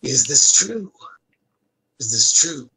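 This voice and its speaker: A man voicing a pushy male goblin, speaking slowly and urgently. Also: medium pitch, sing-song, pushed and bright, full character voice, poor audio. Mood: demanding. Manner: slow, deliberate, pushy questioning.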